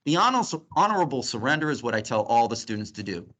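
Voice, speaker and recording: A middle-aged male physician giving a grand rounds lecture to trainees, explaining points in a lively, joking teaching tone. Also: mid-range voice, fast.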